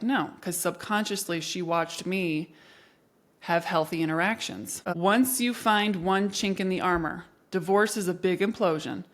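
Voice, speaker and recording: Earnest woman giving heartfelt advice. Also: on the low side. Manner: earnest, encouraging, speaks directly to the listener. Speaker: podcast host. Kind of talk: personal advice monologue.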